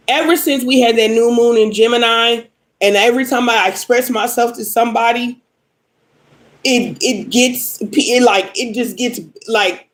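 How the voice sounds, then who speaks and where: A woman's voice: a little high, poor audio. A young adult woman reading tarot on a casual livestream, upset and venting bluntly with lots of swearing at commenters. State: upset and angry. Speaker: live tarot reader.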